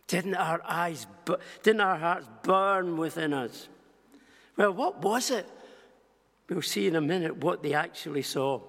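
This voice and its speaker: An older preacher tells personal stories from the pulpit in a rather high voice. His words ring out with a long reverb through a large hall. He stumbles and restarts, then acts out the people in his tales. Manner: storytelling with restarts and acted quotes. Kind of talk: sermon storytelling.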